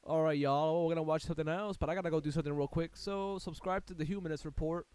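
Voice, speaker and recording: A man's voice: on the high side, fairly even intonation, fast, a little mellow, clean tone, no room sound. A man hosting a live stream, chatting in a loose, joking, blunt way. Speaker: livestream host. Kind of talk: casual live-stream chat.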